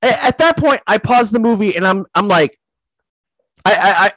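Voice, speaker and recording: A man's voice: high voice, animated, normal speed, fairly bright tone, breathy edge, dry recording, rough recording. A man co-hosting a podcast, reacting to a film in an incredulous way and swearing for emphasis. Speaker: podcast co-host. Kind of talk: casual movie recap chat.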